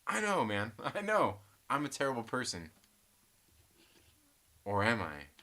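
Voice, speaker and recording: A man's voice: medium pitch, wildly swooping pitch, measured pace, bright, forceful tone. A man hosting a casual live stream, telling rambling stories full of swearing and frequent laughter, and reading chat comments aloud.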